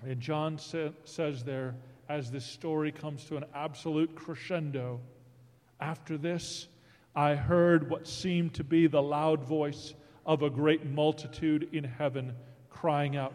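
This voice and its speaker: A man preaching a sermon, reading scripture dramatically and swinging from hushed tones to booming declarations. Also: fairly even intonation, unhurried. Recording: long hall reverb.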